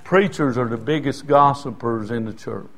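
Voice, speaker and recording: A man's voice: mid-range voice, normal speed, fairly bright tone. An older man preaching a sermon in a folksy, conversational way, often asking the congregation "Amen?". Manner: folksy, conversational preaching with call-and-response asides.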